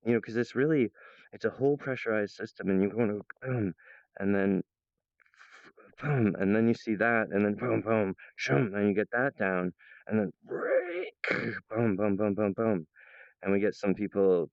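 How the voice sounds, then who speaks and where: A man talking in an excitable, rambling improvised monologue, jumping between ideas and restarting his sentences. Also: fairly low pitch, moderate pace, no room sound. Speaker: video creator. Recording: dull, lo-fi, dry sound.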